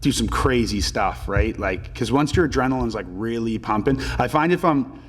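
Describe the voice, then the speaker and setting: A man in his twenties, a pro hockey player telling stories as a podcast guest in a relaxed, filler-heavy way and swearing casually. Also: medium pitch, normal speed, husky, in a large hall. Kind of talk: casual storytelling interview.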